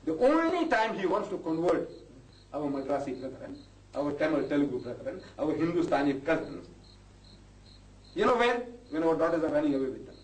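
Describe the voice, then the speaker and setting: A man's voice: on the high side, big pitch swings, a little fast. An older man, lecturing an audience as a Muslim preacher, impassioned and rising to indignant outbursts. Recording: echoey hall, distant mic, faint noise.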